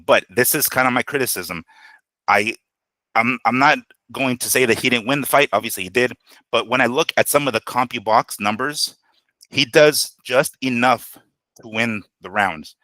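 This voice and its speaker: A man co-hosting a boxing talk show, giving animated, profane fight analysis and acting out quotes. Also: medium pitch, no room sound.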